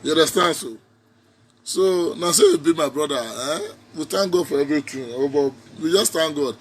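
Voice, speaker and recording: A man's voice: fairly high pitch, moderate pace, a little hiss or hum. A man with a Nigerian Pidgin accent giving a preachy, repetitive, mocking political rant in a casual vlog. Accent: Nigerian Pidgin English speaker. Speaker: social media commentator.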